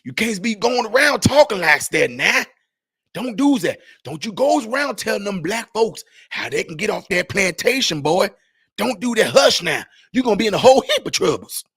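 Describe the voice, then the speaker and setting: A man voicing an old man who scolds and hushes a younger man, in a drawling voice. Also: high-pitched, big pitch swings, moderate pace, husky, voice pushed up, exaggerated voice. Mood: hushed warning.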